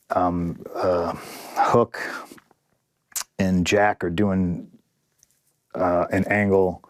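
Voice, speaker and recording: A man's voice: low voice, no room sound, studio quality. A man in a candid interview, recounting events in a rambling, profane way, often restarting and quoting others. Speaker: interview guest, wrestler.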